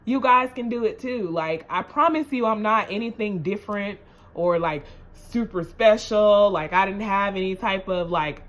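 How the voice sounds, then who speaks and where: A woman's voice: mid-range voice, normal speed. Earnest chatty woman vlogger. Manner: chatty, repetitive, often asks "you know what I'm saying?"; earnest and emotional, builds to rousing encouragement. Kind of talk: casual storytelling to camera.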